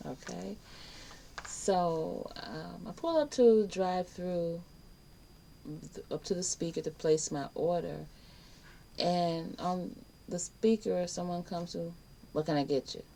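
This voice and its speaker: A woman's voice: lowish voice, slow pace, vocal fry, dark tone, slight background noise, rough recording. A woman teaching a casual online life skills class, chatty and emphatic, acting out little exchanges. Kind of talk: casual spoken lesson to camera.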